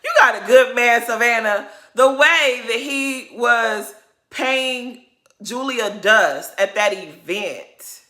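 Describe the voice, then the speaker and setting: A woman's voice: on the high side, slow, bright, forceful tone. A woman vlogger recapping a reality show in a sassy, gossipy way, laughing often. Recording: roomy echo.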